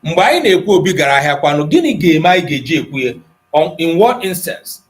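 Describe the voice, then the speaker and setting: A middle-aged Nigerian man with an Igbo accent teaches a language class, slipping between Igbo and English. His voice sits a little high for a man, and he explains things patiently, stopping to check in with his students. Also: big pitch swings, quick pace, faint music behind, poor audio. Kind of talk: online class lesson, mixing Igbo and English.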